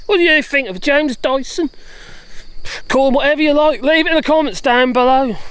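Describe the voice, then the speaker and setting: A woman's voice: high voice, fairly quick, no room sound. A woman vlogging outdoors while walking her dogs, ranting in an exasperated, sarcastic, chatty way. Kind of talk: ranting political vlog.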